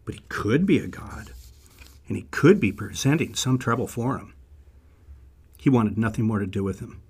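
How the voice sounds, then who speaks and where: A man's voice: on the low side, lively intonation, moderate pace, a little mellow, husky. A man teaching a Bible lesson as vivid, conversational storytelling.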